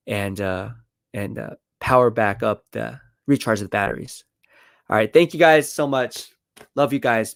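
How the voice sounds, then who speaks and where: A man's voice: on the low side, gravelly, no room sound, studio quality. Tired, chatty man hosting a live stream. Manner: chatty, hyped, repeats himself. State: tired, losing his voice. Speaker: podcast live stream host. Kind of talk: casual live stream sign-off.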